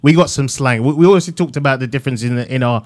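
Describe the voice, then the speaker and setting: A man with a South London accent co-hosts a radio interview in a mid-pitched voice. He is affirming and enthusiastic, chiming in with quick agreement. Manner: affirming and enthusiastic, many "yeah" and "amazing". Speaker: radio co-host. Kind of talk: casual radio interview chat.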